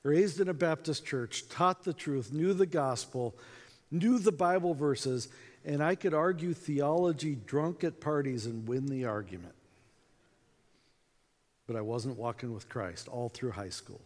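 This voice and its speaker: Animated male conference speaker. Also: a little high, a little slow. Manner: animated, acts out dialogue. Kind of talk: storytelling talk to a live audience. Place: conference hall. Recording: reverberant conference hall.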